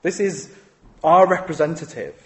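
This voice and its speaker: A man's voice: fairly high pitch, lively intonation, normal speed. A man preaching a sermon in a conversational way, often asking rhetorical questions.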